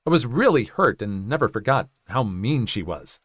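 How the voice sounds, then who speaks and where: A man's voice: medium pitch, big pitch swings, moderate pace, a bit bright, no echo, clean studio sound. A man narrating a first-person story in a conversational way, with joking asides.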